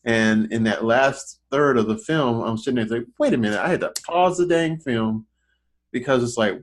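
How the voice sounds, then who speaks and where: Speaking at a moderate pace in a mid-range voice, this online film critic talks about movies on a casual podcast. He rambles and keeps restarting, with plenty of false starts and repeated words.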